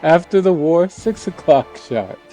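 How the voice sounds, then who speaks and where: A man doing a haughty nobleman from a fantasy game, all arch flourish and teasing scorn. The voice sits brighter and higher than his own dark, mellow tone and unhurried delivery. Faint music plays underneath. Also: expressive. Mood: playful. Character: haughty theatrical aristocratic nobleman, mocking. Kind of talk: reading game dialogue aloud.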